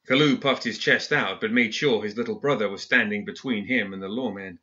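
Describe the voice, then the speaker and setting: A man narrating a story in a measured audiobook style, in a dull lo-fi recording. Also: on the low side, pushed and bright.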